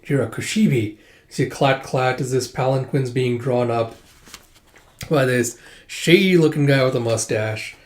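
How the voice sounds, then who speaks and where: A man's voice: mid-range voice, moderate pace, a little mellow. A man casually recapping a manga story as host, with frequent fillers. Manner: retells with frequent 'it's like' and 'uh' fillers. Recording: roomy echo.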